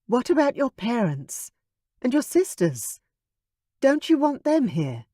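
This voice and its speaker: A man's voice: very high-pitched, huge pitch swings, slow pace, warm tone, no echo, clean studio sound, voice pushed up, exaggerated voice. A man voicing a hot-tempered young dragon princess in an audiobook, demanding and huffy. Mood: pleading. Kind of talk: audiobook character voice.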